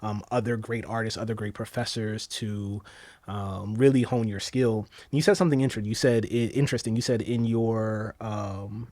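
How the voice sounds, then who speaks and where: A man's voice: fairly low pitch, a little mellow, no room sound. A man from the Philadelphia area hosting an interview, asking questions in a conversational, affirming way with many fillers. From Philadelphia area, USA. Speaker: interviewer host. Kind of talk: casual interview.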